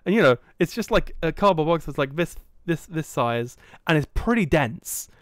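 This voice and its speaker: A young man from England tells a long story on a podcast, acting out each quoted line. His voice sits a little high and comes through smooth and clear, recorded close and dry with no room sound. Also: moderate pace, no room sound. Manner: animated, acts out quoted dialogue. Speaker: podcast host. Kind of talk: casual storytelling chat.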